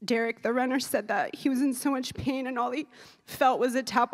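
A woman's voice: sits high, a little fast. A woman giving an emotional sermon, earnest and building to fervent preaching, with tearful moments. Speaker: youth speaker. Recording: reverberant hall.

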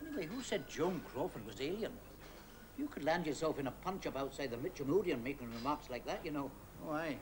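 An actor with a slightly high, very animated voice speaks fairly quickly, playing a middle-aged Scottish factory worker who is well read and likes to tease. The character has a Scottish accent, a wry mood, and an ironic way with words, heard through a hissy old television broadcast.

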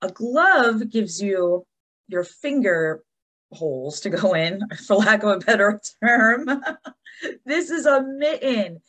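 Lively, husky woman teaching young children. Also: medium pitch, slow. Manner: animated, encouraging, talks to young children. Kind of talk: children's lesson video.

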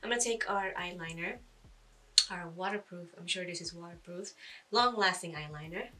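A woman's voice: fairly low pitch, moderate pace, pushed and bright, far from the mic. A woman giving a casual makeup tutorial, chatting, thinking aloud and poking fun at herself as she goes. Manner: chatty, self-deprecating, thinks aloud with fillers. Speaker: beauty vlogger.

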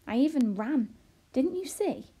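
A woman reading aloud, voicing an eager, bold tiny girl who asks excited, breathless questions. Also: high voice, unhurried, voice pushed up. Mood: pleading.

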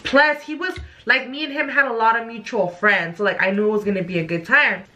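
Bright, high-voiced young woman telling a story. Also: fairly quick, a little hiss or hum. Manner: animated, profane, full of "like". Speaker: vlogger. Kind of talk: casual storytime.

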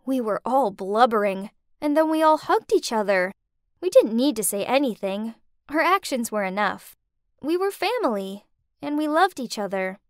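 A woman narrating an animated story in the first person with heartfelt, emotional storytelling. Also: on the high side, moderate pace, no echo, clean studio sound.

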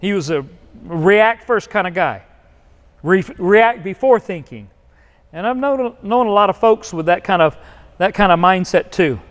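High-voiced pastor preaching in a reverberant hall. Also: male voice, expressive, measured pace. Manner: conversational preaching with many restarts and acted-out quotes. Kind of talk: sermon. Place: church sanctuary.

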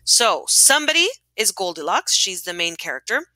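A woman teacher records a clear, encouraging voice-over lesson for her pupils. Her tone is bright and her voice sits close to the mic, with no room echo. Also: medium pitch, big pitch swings, normal speed.

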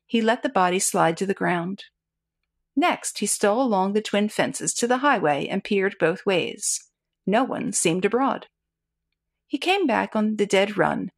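A woman narrating an old pulp short story as an audiobook in a steady, measured way. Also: mid-range voice.

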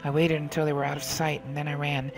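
A man's voice: a little high, completely flat delivery, fast, creaky. A man hosting a let's play, reading the game's story aloud dramatically and adding his own remarks. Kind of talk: reading game text aloud with commentary. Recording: game music behind the voice.

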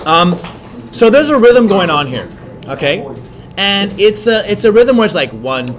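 Fast-talking man teaching a class. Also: on the high side, big pitch swings, noisy background. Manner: explains in quick bursts, many fillers and restarts. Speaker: English teacher. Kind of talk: classroom lecture.

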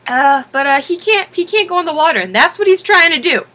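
A young woman with a high voice narrates a story in an animated storytime manner. Her tone is bright and sharp, and she sounds exasperated, jumping into playful acted-out quotes of herself. Lively and expressive throughout. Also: a little fast. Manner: exasperated, lively, acts out her own lines.

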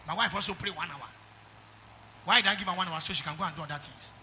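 A man's voice: high-pitched, quick pace, sharp tone, slight background noise. A middle-aged man with a Nigerian accent preaching a sermon, emphatic and calling the congregation for amens. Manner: emphatic preaching with call-and-response. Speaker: pastor.

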